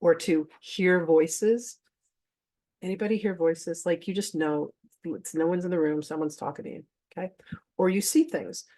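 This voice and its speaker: A woman's voice: on the low side, fairly even intonation, normal speed, mellow. A woman leading a spiritual masterclass, talking to her audience casually and openly, with frequent laughs and offhand swearing, as she mixes teaching with personal stories. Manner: chatty and candid, laughs often, swears offhandedly; addresses the audience directly.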